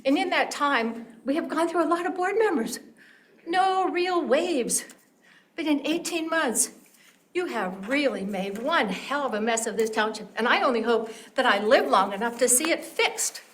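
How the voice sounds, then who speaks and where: A woman's voice: high-pitched, animated, moderate pace, fairly bright tone, slight background noise. An older woman, a longtime township resident, delivering a pointed, complaining public comment and mimicking how others phrase things. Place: township meeting room.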